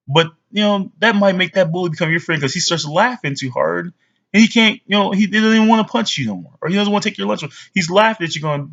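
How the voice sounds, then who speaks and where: A man's voice: on the high side, creaky, fairly bright tone, dull audio. Blunt rambling father in his forties. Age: 40s. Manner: blunt, rambling, with many fillers. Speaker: father giving advice. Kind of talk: casual to-camera talk.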